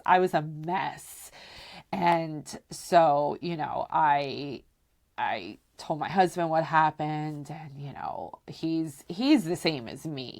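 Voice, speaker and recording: Slow, low-voiced woman telling stories. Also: vocal fry. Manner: chatty, peppered with "like" and "you know"; relaxed and candid, acts out quoted voices. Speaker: podcast host. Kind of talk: casual personal storytelling.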